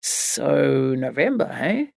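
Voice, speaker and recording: A woman reading the lines of an easygoing, smug grown man in a storybook, voicing him lower and dry. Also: big pitch swings, slow, creaky, a little mellow, dry recording, exaggerated voice. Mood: teasing.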